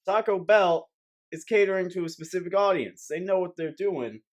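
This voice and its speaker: A man's voice: sits high, moderate pace. A young man giving a rambling, sarcastic comedic rant to camera as a vlogger, swearing often.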